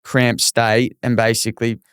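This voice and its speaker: Australian male jockey guest, chatty yarn-spinner, smooth tone, mid pitch. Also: unhurried, no echo, studio quality. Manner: animated, spins a story with lots of restarts. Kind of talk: casual storytelling chat.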